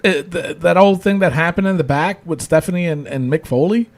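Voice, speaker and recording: A man's voice: fairly high pitch, fairly quick. A man hosting a casual wrestling podcast, rambling with lots of fillers and restarts. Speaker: podcast host.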